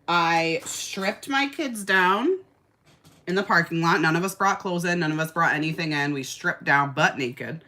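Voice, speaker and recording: A woman in her thirties telling a story to chat viewers while doing her makeup, dramatic and swearing casually. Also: low voice. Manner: animated, exaggerated storyteller who swears casually. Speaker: livestream host doing makeup.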